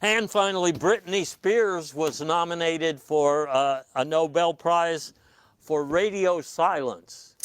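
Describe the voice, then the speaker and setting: A man hosting a comic news panel with a dry, deadpan delivery and hesitant fillers. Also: fairly high pitch, slow pace, clean tone, no room sound. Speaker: comedy news host.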